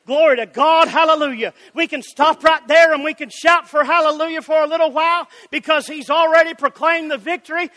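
A man preaching a fiery Baptist sermon, shouting and calling out to congregants by name. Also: very high-pitched, steady tone, fairly quick, hardly any pauses. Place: church sanctuary. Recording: church hall with long reverb.

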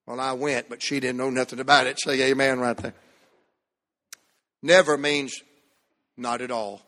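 A man from the American South preaching a sermon to a church, shifting between loud shouts and hushed, drawn-out phrases. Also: a little high. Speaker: pastor. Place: church sanctuary. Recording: long hall reverb.

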